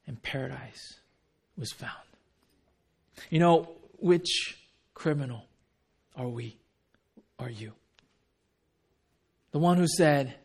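A man preaching a sermon. He drops to hushed tones and acts out quoted pleas. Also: a little high, unhurried, gravelly, pauses often, slightly rough. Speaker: pastor.

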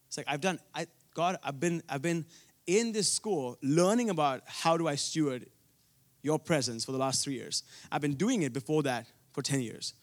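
A young man from India preaching a sermon, telling a personal story earnestly, with frequent restarts. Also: fairly high pitch.

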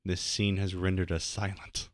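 A man's voice: low-pitched, little pitch movement, moderate pace, no echo. A man co-hosting a podcast, chatting casually over a movie and tossing out absurd joking one-liners. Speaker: podcast co-host.

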